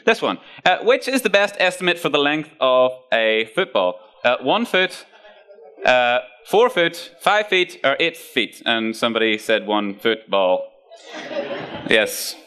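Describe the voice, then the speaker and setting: A man giving a casual, joking talk to a youth group, with asides to the audience. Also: mid-range voice. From Ireland. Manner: playful, jokey, lively storytelling with asides to the audience.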